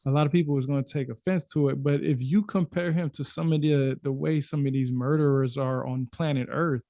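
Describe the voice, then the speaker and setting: Male podcast host, mellow tone, rambling casual delivery with restarts, dry recording. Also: medium pitch, fairly even intonation, brisk, no echo. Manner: rambling, repeats words, frequent laughs.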